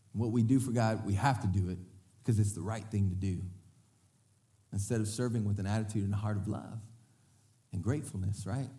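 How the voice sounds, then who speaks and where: Preaching to his congregation, an adult pastor who is a parent speaks with a fairly low voice and a lively manner. He has the crowd repeat words back to him and frequently acts out what others say.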